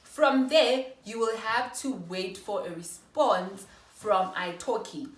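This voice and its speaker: A woman's voice: medium pitch, takes it slowly, far from the mic. South African woman vlogging in an echoey room. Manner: chatty, apologetic self-corrections. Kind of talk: casual how-to explainer.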